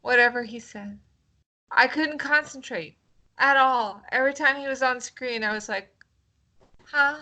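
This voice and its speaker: A woman's voice: fairly high pitch, moderate pace, sharp tone. A woman co-hosting a casual film review chat, playful and exaggerated in her reactions. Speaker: podcast co-host.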